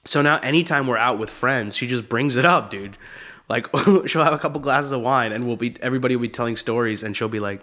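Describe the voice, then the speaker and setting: A young man spins comic stories about his own life, talking loose and casual with plenty of slang. He breaks into laughter at his own tales, and his voice sits at an ordinary middle pitch for a man. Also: moderate pace, pushed and bright. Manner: casual, slangy, says "dude" often; laughs while telling stories. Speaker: comedian and show host. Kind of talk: comedic storytelling monologue.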